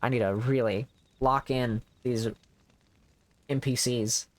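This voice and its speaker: A man's voice: medium pitch, fairly even intonation, slow, no echo. A man casually commenting while he streams a game, offhand and swearing now and then.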